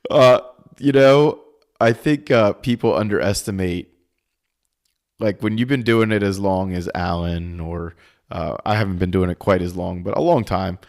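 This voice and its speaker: A man's voice: sits low, moderate pace. A man co-hosting a podcast, chatting casually over fight footage, thinking aloud with restarts and casual swearing. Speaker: podcast co-host. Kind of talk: casual video commentary chat.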